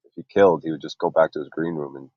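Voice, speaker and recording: A man's voice: very deep voice, steady tone, very fast, no echo. A man who does comedy, chatting loosely on an online panel. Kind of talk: casual panel talk. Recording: dry, dull remote-call audio.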